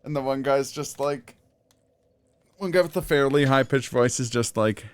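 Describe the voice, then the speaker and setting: A man's voice: mid-range voice, normal speed, clean tone, no echo. A man chatting casually on a live gaming stream, often laughing and rambling through stories.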